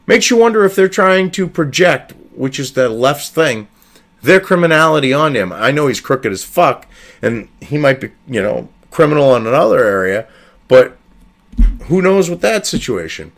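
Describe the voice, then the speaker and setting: A man's voice: on the high side, sing-song, moderate pace, fairly bright tone. A man hosting a political commentary video, reading an article aloud and cutting in with profane, sarcastic, exasperated remarks.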